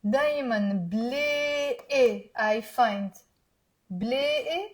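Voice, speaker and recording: A woman from Lebanon with a Lebanese accent, teaching Arabic phrases in English and patiently repeating words slowly for learners. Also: fairly high pitch. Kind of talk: language lesson.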